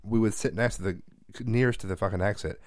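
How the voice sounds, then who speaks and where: A man with a fairly low voice rants and swears his way through a casual podcast chat. The recording is dry and close, with no room sound at all. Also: quick pace, a little mellow, no room sound. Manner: profane, ranting. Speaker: podcast co-host.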